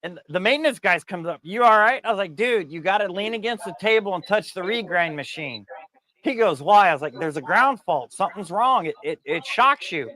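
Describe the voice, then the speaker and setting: Middle-aged man with a high voice, casual, animated storyteller. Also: fairly quick, dry recording. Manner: animated storytelling, swearing, laughing. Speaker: streamer telling a work story. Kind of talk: casual chat.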